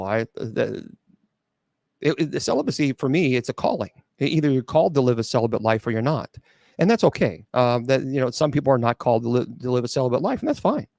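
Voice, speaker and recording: Medium in pitch, slightly mellow and touched with vocal fry, this middle-aged man's voice comes through a dry studio-quality recording. Hosting a live call-in show as an exorcist bishop, he answers chat questions with blunt sarcasm, mocking doubters in mimicked voices amid lots of restarts and fillers.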